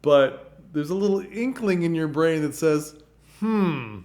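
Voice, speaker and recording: A man's voice: on the high side, expressive, normal speed, a little mellow. A man giving casual, emphatic advice on stage acting to camera, often stopping to check in with the listener. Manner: emphatic, keeps checking in with "okay?". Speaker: theatre acting teacher. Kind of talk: casual teaching talk to camera.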